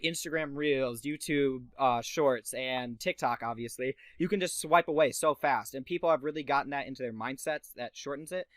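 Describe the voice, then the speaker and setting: A man's voice: a little high, no echo. A young man co-hosting a casual podcast, giving emphatic advice with lots of fillers and restarts. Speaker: podcast co-host.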